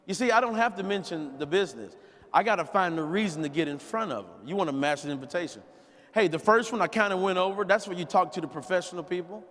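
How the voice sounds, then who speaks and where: A man giving a folksy, animated sales training talk, acting out conversations and repeating key phrases. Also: high-pitched, fast. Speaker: business opportunity trainer. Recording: long hall reverb, live event.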